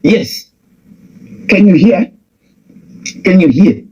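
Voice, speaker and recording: A young man with a Zimbabwean accent and a husky, high-pitched voice delivers a heated political rant. His pitch swings widely as he hammers the same points again and again, restarting his sentences as he goes. The recording is dull and lo-fi. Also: lively intonation, slow, darkish tone. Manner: confrontational, repetitive, many restarts. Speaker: political commentator.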